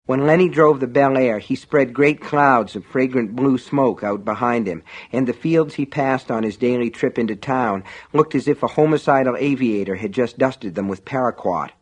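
Male audiobook narrator, mid pitch, steady wry storytelling. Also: moderate pace, hardly any pauses.

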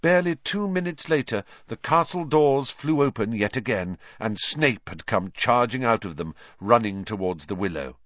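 A man reading a children's novel aloud as narrator, in an expressive, animated storytelling manner. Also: medium pitch, normal speed, hardly any pauses, no echo, dull audio. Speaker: audiobook narrator.

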